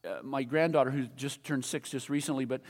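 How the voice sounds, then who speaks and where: A man's voice: mid-range voice, steady tone, brisk, in a large hall. An older man preaching a sermon in a conversational way, repeating refrains and asking his audience questions.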